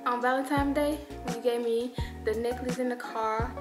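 A woman's voice: a little high, steady tone, normal speed. A young woman with a Memphis accent, chatting playfully and teasing in a casual couple vlog at home. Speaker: vlogger. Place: at home indoors. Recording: roomy sound with music behind.

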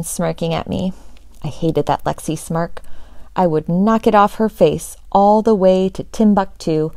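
A woman teacher reading a children's chapter book aloud in an expressive storytelling manner. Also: fairly low pitch, gravelly, no room sound.

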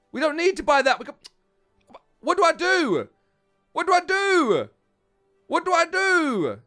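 A British man with a high, smooth, clear voice chats excitably while he plays a mobile game. He talks straight to his viewers as he goes, in a relaxed commentary. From United Kingdom. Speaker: gaming channel host. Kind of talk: casual gameplay commentary.

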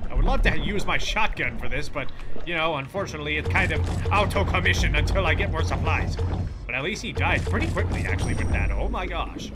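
A man talks through a horror game as he plays it, breaking into yells and curses whenever enemies rush him. His voice sits a little high and swings widely in pitch. Game music plays clearly underneath. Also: normal speed. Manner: excitable, yelling and cursing at enemies. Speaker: gaming channel host. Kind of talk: let's play commentary.

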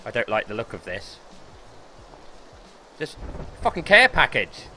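A young man streaming gameplay live, excitable and swearing as he talks himself through the match. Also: mid-range voice, a little slow, a little hiss or hum. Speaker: gaming streamer.

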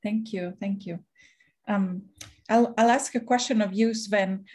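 A woman moderating a panel discussion, asking long questions in a careful, measured way over a video call. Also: medium pitch, fairly even intonation, darkish tone, slightly rough.

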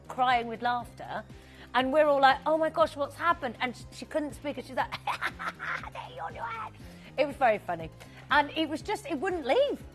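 A woman hosts live television shopping in a bubbly, chatty manner, reading out viewers' names between sales patter. Her voice sits high, and faint music plays under her in the studio. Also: a bit bright. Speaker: shopping channel presenter.

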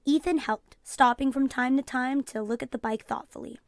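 A woman teacher reading a children's storybook aloud in a calm storytelling voice, announcing page numbers. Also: high-pitched, normal speed, no echo. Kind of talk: children's read-aloud narration.

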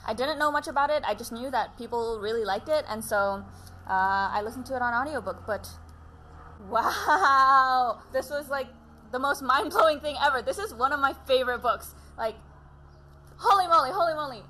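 A woman's voice: high-pitched, normal speed, sharp tone, slight background noise. A woman chatting casually to camera about books. She gushes with enthusiasm and laughs often. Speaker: book vlogger. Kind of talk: casual book chat to camera.

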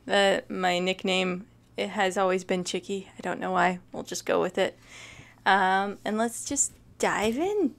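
A woman's voice: mid-range voice, takes it slowly, creaky, fairly bright tone. A young woman reading a children's book aloud, chatting with her listeners between pages. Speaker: storytime reader.

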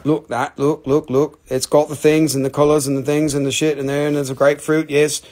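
A man's voice: on the high side, flat delivery, brisk, darkish tone. A man hosting a live rock and mineral sale, rambling and joking, swearing freely as he shows stones. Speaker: host selling rocks on a live show. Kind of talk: casual live sales stream.

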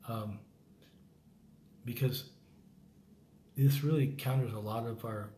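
A man's voice: mid-range voice, steady tone, slow, dark tone. An American man hosting a Bible reading program, giving rambling, earnest, informal commentary that often breaks off and restarts. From United States. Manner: rambling, self-interrupting, earnest. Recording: echoey room with faint background noise.

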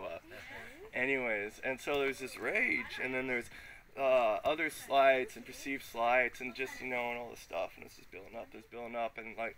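A man giving an emotional, rambling personal testimony full of slang and fillers in front of a gathering. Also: mid-range voice. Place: live gathering with listeners.

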